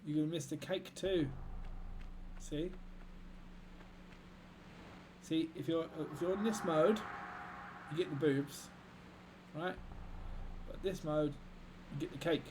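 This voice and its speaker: A man's voice: a little high, fairly even intonation, measured pace, a little mellow, a little hiss or hum. A man livestreaming a game, chatting casually and joking with his chat. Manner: chatty, jokey banter with chat. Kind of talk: casual gaming stream chat.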